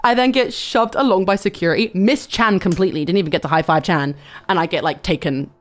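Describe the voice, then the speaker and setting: A young woman, telling a story to her stream in a loud, animated way, with swearing and sudden shouts. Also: lowish voice, fast. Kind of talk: casual storytelling chat.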